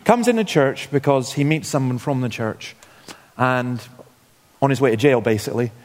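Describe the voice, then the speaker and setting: A man's voice: medium pitch, normal speed. Scottish-based man preaching in a reverberant church. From Scotland. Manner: informal, storytelling, wry asides. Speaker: guest preacher. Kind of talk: sermon. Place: church hall. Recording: long hall reverb.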